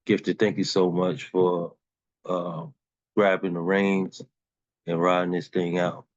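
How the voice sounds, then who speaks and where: A man's voice: low-pitched, little pitch movement, takes it slowly, no room sound, muffled recording. A man hosting an open mic on a video call, talking in a laid-back, playful, slangy way.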